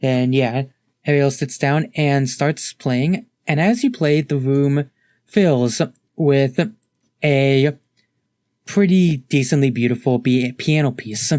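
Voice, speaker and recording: A man's voice: mid-range voice, slow, a little mellow, no echo. Male game master, casual rambling narrator, dry close mic. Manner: casual, rambling, frequent fillers.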